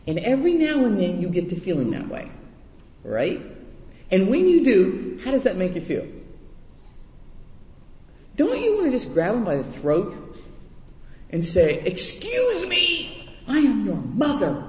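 High-voiced preacher in an echoey hall. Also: male voice, wildly swooping pitch, measured pace, pauses often, warm tone. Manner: chatty, self-deprecating, restarts words often. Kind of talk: conversational sermon. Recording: echoey hall, dull muffled sound.

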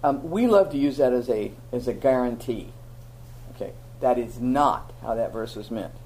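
A woman teaching a Bible lesson to a live audience, telling stories with animated, self-mocking humor. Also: very deep voice, normal speed, a little hiss or hum, low-quality recording.

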